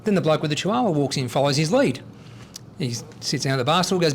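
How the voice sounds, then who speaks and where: A man's voice: a little high, animated, fast, slight background noise. An Australian man hosting a comedy show, telling a joke casually with frequent hesitations. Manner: casual, hesitant, laughs at own jokes. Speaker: host.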